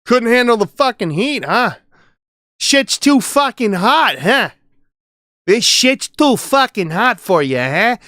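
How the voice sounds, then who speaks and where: A swaggering New York tough guy, as a man puts him on during a live stream, all loud taunts and curses. The voice jumps up well above his usual pitch and swings around in a showy way. The sound is close and dry. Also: big pitch swings, slow, dry recording, exaggerated voice. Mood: taunting. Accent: put-on New York. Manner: swaggering, taunting, heavy swearing.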